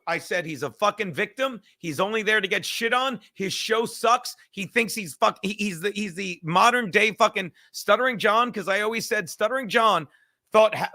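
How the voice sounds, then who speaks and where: A man's voice: high voice, sharp tone. A young man hosting a casual podcast, rambling and swearing constantly while fiddling with his laptop and a cigar. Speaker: show host. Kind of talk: casual profane podcast rant.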